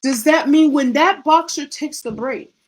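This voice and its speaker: A middle-aged faith coach gives a devotional pep talk packed with rhetorical questions, punchy repetition and casual vernacular slang. Her voice is high-pitched and unhurried, and the audio quality is poor.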